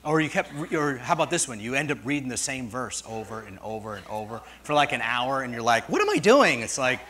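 A middle-aged man preaching a sermon as pastor, telling stories in a rambling way and swinging from soft asides to loud, rising peaks. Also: medium pitch, a little fast. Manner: storytelling, digressive, swings from quiet to loud; jokes with congregation.

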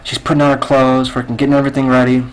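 A gamer on a headset rambles through a lengthy dirty joke in voice chat, his storytelling heavy with fillers. The delivery is completely flat and very fast, in a mid-range voice, and the audio is poor.

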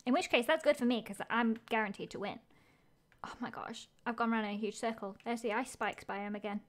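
A woman live-streaming a game, narrating her own moves with excitable energy. Her voice sits high and bright in pitch. She thinks out loud constantly, reacting to each twist as it comes. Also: brisk.

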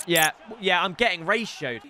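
A young man giving excitable commentary on his own football video game matches, with shouting outbursts and joking banter. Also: sits high, normal speed, noisy background. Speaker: gaming YouTuber.

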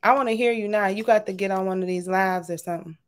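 Woman host, medium pitch, casual and affectionate livestream chat. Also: quick pace. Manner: warm, chatty, says y'all often.

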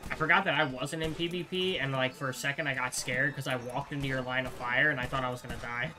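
A man's voice: mid-range voice, fairly even intonation, fast talker, over music. A young man chatting casually while playing a game online, swearing often and rambling through stories. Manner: swears a lot, rambling anecdotes. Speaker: gamer co-playing. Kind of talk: casual gaming chat.

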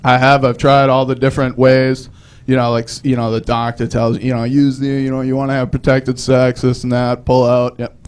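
A man's voice: mid-range voice, monotone, a little fast, clean tone. A young man doing a live stand-up set, telling rambling self-deprecating stories with frequent restarts. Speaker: stand-up comedian.

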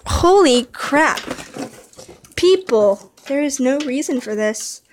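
High-voiced excitable woman unboxing. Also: slow, a little hiss or hum. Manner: gushing, excitable, talks to viewers. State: tired. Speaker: vlogger unboxing a model horse. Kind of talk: casual unboxing vlog.

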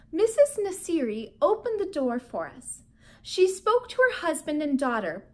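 A woman from Minnesota with a Minnesota accent, a teacher reading a children's book aloud to her students in a friendly, expressive way. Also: high-pitched. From Minnesota, United States. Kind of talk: children's read-aloud storytelling.

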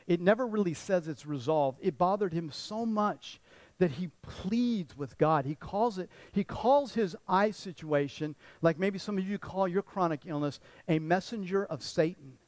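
A man's voice: sits high, darkish tone, dry recording, low-quality recording. A man pastor giving a conversational sermon, often repeating words and restarting sentences.

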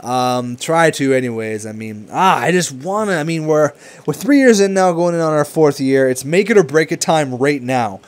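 Young male gamer, slightly high voice, hyped and cursing at the screen, loose casual commentary. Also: moderate pace, few pauses. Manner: excitable, swings from hype to frustrated swearing. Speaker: gaming commentator.

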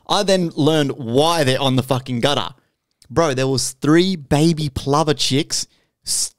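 A young man telling a story on a podcast, animated and full of swearing, checking in with "right?" as he goes. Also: medium pitch, clear, resonant tone, no echo, clean studio sound. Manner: animated, swears constantly, keeps adding "right?". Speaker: podcast host. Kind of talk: casual storytelling chat.

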